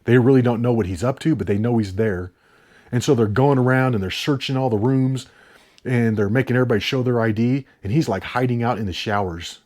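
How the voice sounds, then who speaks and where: A man's voice: mid-range voice, brisk, darkish tone. A man casually chatting to camera about movies he watched and discs he bought, rambling with frequent restarts. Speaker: video host reviewing his disc purchases. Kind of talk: casual chat.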